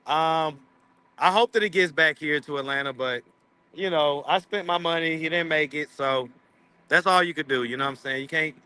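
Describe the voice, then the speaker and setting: A man's voice: a little high, pushed and bright, clean tone. A man hosting a casual livestream chat, rambling and teasing his viewers. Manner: rambling, teasing, laughs often. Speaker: street interview channel host.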